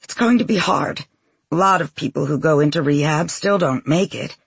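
Male reader voicing a nervous, hopeful young woman; husky, gravelly, high, dry. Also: moderate pace, no room sound. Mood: wry. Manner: soft, higher-pitched tone.

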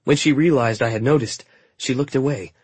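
A man narrating a first-person audiobook chapter in a measured, intimate way. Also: mid-range voice, darkish tone, husky, no echo.

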